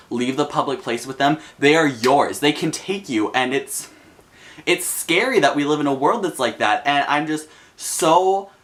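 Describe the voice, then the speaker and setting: A man's voice: medium pitch, a bit bright, a little hiss or hum. A young man casually recounting a personal story for his vlog, chatty and full of fillers. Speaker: vlogger.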